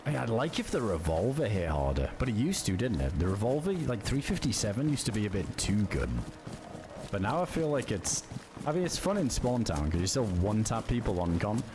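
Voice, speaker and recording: A man's voice: lowish voice, very animated, fairly quick, background noise. A young man streaming a survival game, chatting casually with viewers, reading chat aloud and swearing offhandedly. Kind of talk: casual live-stream chat while gaming.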